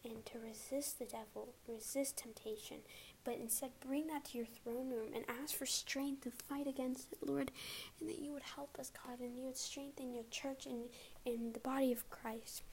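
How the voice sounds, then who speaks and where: Young woman vlogger, high voice, soft breathy half-whisper, kinda out of breath, faint hiss behind. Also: steady tone, moderate pace. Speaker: Christian vlogger. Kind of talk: spoken prayer and closing message.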